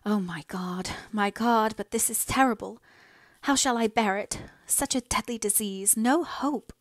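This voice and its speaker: A woman's voice: mid-range voice, animated, moderate pace, no room sound, lightly acted. Woman reading as an anxious young daughter. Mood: anguished. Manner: pleading, then breaking into tears. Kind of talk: audiobook character reading.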